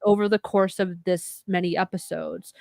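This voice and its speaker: A woman's voice: on the low side, fairly even intonation, moderate pace, gravelly, a little mellow, no room sound. A woman co-hosting a podcast, chatting casually and laughing often. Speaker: podcast co-host. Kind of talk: casual chat.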